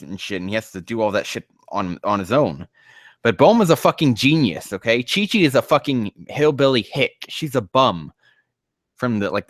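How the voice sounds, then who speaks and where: Male commentator ranting over a bad fanfic, swearing often, lively swooping pitch, dry close mic. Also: dry recording. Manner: profane, exasperated ranting. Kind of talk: comedic reading commentary.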